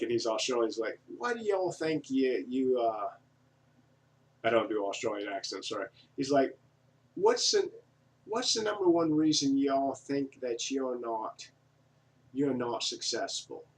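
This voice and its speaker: Rambling folksy man, far from mic. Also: on the low side. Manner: digressive, folksy, frequent fillers. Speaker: vlogger reviewing an online business offer. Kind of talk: casual rambling monologue. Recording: voice from a distance from the mic.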